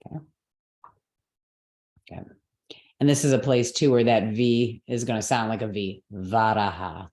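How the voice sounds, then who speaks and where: A woman teaching a live class, explaining step by step, checking that her students follow, and correcting her own slips out loud. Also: extremely low pitch, normal speed, pauses often, echoey room. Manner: patient, step-by-step explaining with frequent checks for understanding.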